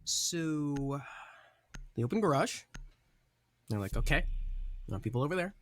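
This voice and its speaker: A man's voice: fairly high pitch, very animated, normal speed. A man giving casual color commentary on an esports match, breaking down plays. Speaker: esports caster. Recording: noisy broadcast with game sounds.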